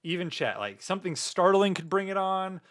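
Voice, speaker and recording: On a casual livestream, a man jokes, rambles and rants while chatting with viewers, tacking "meow" onto his sentences. His voice is high-pitched, animated and a bit bright, with a clean tone and a normal speaking speed.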